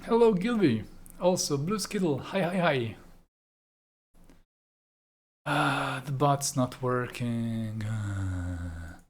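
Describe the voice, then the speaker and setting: A man hosting a painting livestream in a relaxed, unhurried way, at an ordinary pitch. He mutters to himself as he works and grumbles when things go wrong, then greets his viewers casually. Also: slightly rough. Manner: muttering, easily annoyed, talks to himself while fixing things. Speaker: art livestream host.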